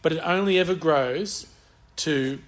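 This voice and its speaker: A man's voice: fairly high pitch, unhurried. A man co-hosting a podcast, rambling crudely through casual banter and swearing freely. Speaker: podcast co-host.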